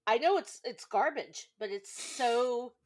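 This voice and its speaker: A woman co-hosting a casual podcast, her voice swinging widely in pitch. She giggles often, swears casually and throws in playful sound effects. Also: animated, slow. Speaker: podcast co-host. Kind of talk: casual chat.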